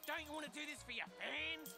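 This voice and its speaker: An actor playing a greedy, flashy male demon boss, brash and crude, in an animated show. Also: extremely high pitch, brisk, vocal fry, exaggerated voice. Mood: pushy. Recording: music under cartoon clip.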